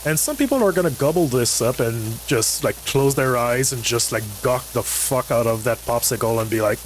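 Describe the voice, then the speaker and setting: A man rants in casual livestream chat, swearing often and padding with fillers. His pitch sits in the middle range. A faint noise runs underneath. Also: lively intonation, normal speed, hardly any pauses, rough recording. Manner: ranting, heavy swearing, many fillers. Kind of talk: casual chat while gaming.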